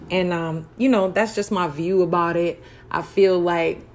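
A woman with a somewhat low voice hosts a solo podcast. She speaks her mind bluntly, with curses and rising heat. Her delivery stays casual, full of "you know" and "um". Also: a bit bright. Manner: blunt and profane, heated; conversational with frequent fillers. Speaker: podcast host. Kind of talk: personal opinion monologue.

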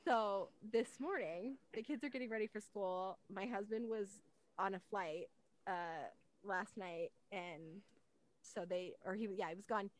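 A woman's voice: medium pitch, measured pace. A woman hosting a podcast, telling chatty family stories and laughing often. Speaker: podcast host. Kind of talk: casual chat.

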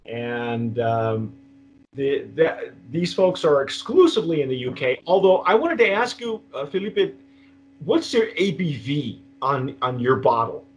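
A man's voice: mid-range voice, very animated, a little slow. Texas guy hosting a tasting chat over video call, lots of uh and restarts. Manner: rambling, many restarts and fillers. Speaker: host.

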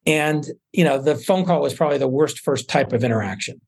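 A man, a venture investor, telling stories in a relaxed interview with many fillers and restarts. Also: fairly high pitch, brisk, creaky, breathy edge. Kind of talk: casual interview talk.

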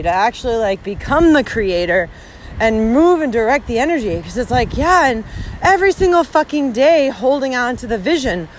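A woman podcast host walking along a village road outdoors, giving an emphatic, heavily profane reflective monologue. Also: high voice. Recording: windy outdoor recording with background noise. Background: wind and outdoor ambience.

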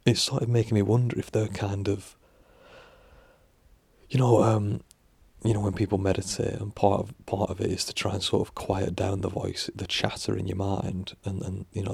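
A man muses aloud in a loose, rambling monologue, circling back on himself and dropping the odd swear word. His voice is deeply gravelly and husky. It sits a little low, and the recording is dry and close. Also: moderate pace, darkish tone, no room sound. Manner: musing, full of fillers and restarts, swears casually. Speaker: vlogger.

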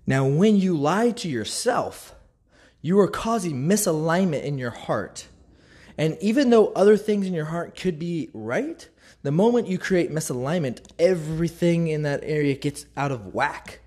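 A man's voice: on the high side, expressive, unhurried, darkish tone. A man speaking candidly and reflectively as a Christian speaker, telling a personal faith story and acting out the dialogue he quotes. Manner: reflective, openly vulnerable.

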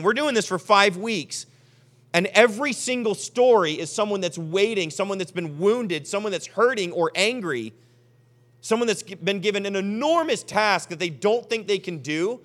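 High-voiced animated young male pastor. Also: moderate pace. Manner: animated, acts out imagined voices of listeners. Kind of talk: sermon.

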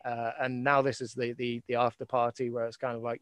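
A man hosts a casual live chat with friends, his voice sitting at an ordinary middle pitch. He rambles and restarts, and the sound is dry and close. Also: level tone, fairly quick, fairly bright tone, clear, resonant tone, no echo. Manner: rambling, many fillers and restarts. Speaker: host.

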